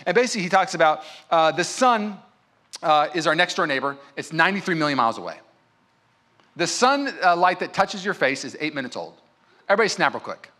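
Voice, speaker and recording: Pastor guy preaching in church, bright tense voice, kinda high, chatty and emphatic. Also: very animated, fairly quick. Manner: conversational, emphatic preaching with storytelling. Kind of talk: sermon. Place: church in front of a congregation.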